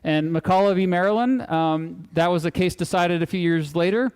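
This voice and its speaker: A man's voice: high voice, normal speed, clean tone. Casual, joking man lecturing in a hall. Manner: casual, joking and animated, with laughs and asides. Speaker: guest speaker. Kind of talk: live public lecture. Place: hall, talking to a live audience. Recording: long hall reverb.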